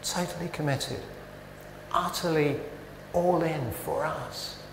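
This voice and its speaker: A man with a creaky, somewhat high voice preaches slowly over a noisy background in an echoey church with long reverb. The sermon is conversational and self-interrupting, full of animated rhetorical questions.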